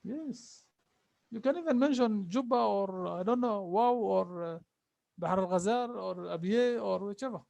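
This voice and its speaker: A man teaching an Arabic class, repeating phrases slowly and patiently for his students. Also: high voice, gravelly, darkish tone, dry recording, muffled recording. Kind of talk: online language class.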